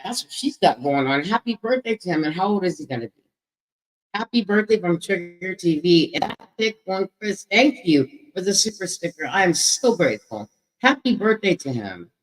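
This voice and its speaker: A middle-aged woman hosts a casual livestream and speaks. She is loud and playful. She greets viewers by name and swears freely. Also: lowish voice, rough recording. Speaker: livestream host. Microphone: microphone with echo.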